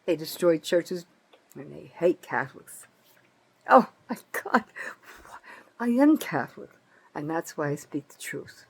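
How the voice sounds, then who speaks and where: A woman's voice: sits low, big pitch swings, measured pace, creaky, pauses often, husky. Older woman in her 70s, fired-up solo political rant, swears a lot, hammers her points over and over. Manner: angry, profane, accusatory; emphatic, repeats herself for stress. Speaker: citizen vlogger. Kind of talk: ranting political monologue.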